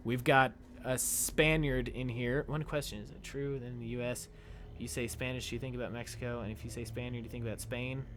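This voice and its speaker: A young American game streamer chats casually with viewers while playing, joking around and squealing with delight whenever things go his way. His voice is medium-pitched and brisk, and there's a little hiss or hum in the audio. He comes across as excitable and jokey.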